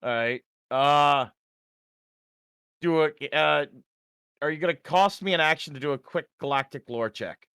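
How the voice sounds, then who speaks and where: A man playing in a tabletop game, chatting casually, swearing freely and thinking out loud. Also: fairly high pitch, unhurried, pauses often, smooth, no echo, clean studio sound. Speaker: player.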